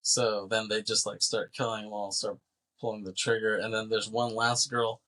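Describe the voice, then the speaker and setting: A man co-hosting a podcast, casually recapping a film's plot in a rambling, animated way and acting out characters' lines. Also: fairly low pitch, normal speed, poor audio. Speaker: podcast co-host. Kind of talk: casual movie recap chat.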